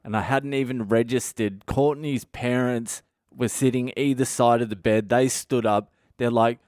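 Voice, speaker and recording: A man, a comedian hosting his own podcast, telling a profane, animated story from his past. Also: mid-range voice, unhurried, dry recording, clean studio sound. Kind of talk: storytelling monologue.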